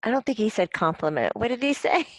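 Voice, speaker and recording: A woman working as a psychic medium, talking in a relaxed, hesitant way with many pauses and fillers. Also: on the high side, no echo. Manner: hesitant, many ums, laughs often. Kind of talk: relaxed conversational channeling.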